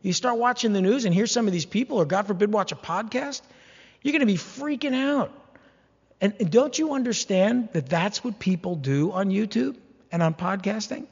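A man preaching a sermon, animated and humorous, slipping into mock-whining voices as he acts out complaints. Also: sits high, normal speed, husky, long reverb tail, muffled recording. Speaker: pastor.

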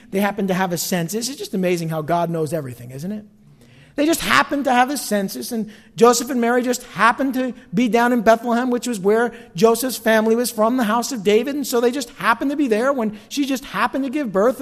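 A man's voice: sits high, long reverb tail. A man with a North Jersey accent, preaching a sermon in a chatty way, full of asides and questions to the congregation. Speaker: pastor.

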